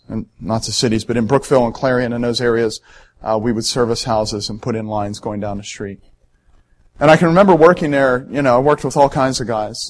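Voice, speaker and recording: A male pastor giving an earnest sermon, emphatic at times and dropping soft and low for solemn points.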